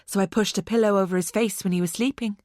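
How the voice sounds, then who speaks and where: A woman voicing an unhinged young woman who talks about murder with a mocking calm. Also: mid-range voice, fast, no room sound, clean studio sound, natural voice. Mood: bitter confession. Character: unhinged young Irish woman, cold and menacing.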